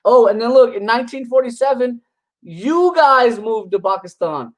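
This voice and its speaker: A man's voice: extremely high pitch, animated, normal speed, low-quality recording. A man giving casual reaction commentary on religious videos, combative and mocking, rambling with scoffing laughs. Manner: rambling with frequent restarts.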